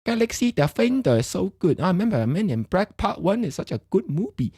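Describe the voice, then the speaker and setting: A man's voice: high voice, big pitch swings, fairly quick, dark tone, husky, no echo, clean studio sound, exaggerated voice. A man doing a crude rambling immigrant dad. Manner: broken English with "lah" tags, crude rambling. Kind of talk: comedic character monologue on stream.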